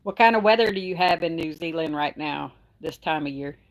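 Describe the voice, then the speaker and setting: A middle-aged woman hosts a casual livestream from her phone, talking in a slightly low voice. She chats easily, reads out comments from viewers and laughs often between remarks. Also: brisk. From Texas. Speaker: livestream host.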